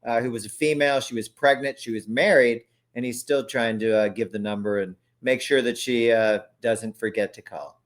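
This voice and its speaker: A man's voice: medium pitch, fairly even intonation, normal speed. A man in his forties co-hosting a podcast, chatting casually and tossing in dry one-liners. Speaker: podcast co-host. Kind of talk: casual chat.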